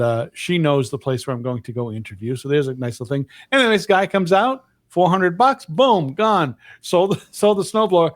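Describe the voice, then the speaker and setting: A man's voice: on the high side, no echo, studio quality. Profane middle-aged man telling stories. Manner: rambling, profane storyteller. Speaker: podcast co-host. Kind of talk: casual chat.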